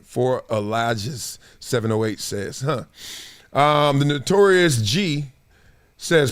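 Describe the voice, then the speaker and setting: A man in his forties hosting a casual sports talk stream, animated and trash-talking, slipping into put-on fan voices. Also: mid-range voice, a little slow, smooth. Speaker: show host.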